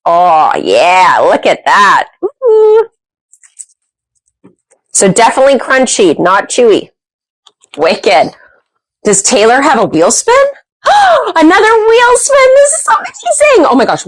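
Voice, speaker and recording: A woman's voice: fairly low pitch, moderate pace, husky, no room sound, low-quality recording. Bubbly woman hosting a live shopping stream. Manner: bubbly, excitable, chatty. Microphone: clip-on microphone.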